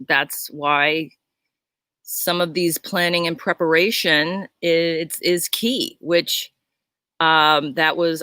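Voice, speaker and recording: A middle-aged woman co-hosting a casual business chat, explaining in a measured way, recorded outdoors on her home deck. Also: low-pitched, pushed and bright, no room sound. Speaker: co-host.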